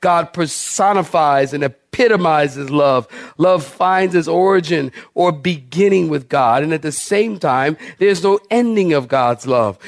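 High, gravelly animated male pastor. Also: measured pace, few pauses, dry recording, clean studio sound. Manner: animated, humorous storytelling with big pitch swings. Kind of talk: sermon with storytelling.

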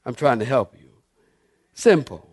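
A man's voice: medium pitch, lively intonation, measured pace, darkish tone, breathy edge. A male pastor preaching a sermon, emphatic, calling on his congregation to answer back.

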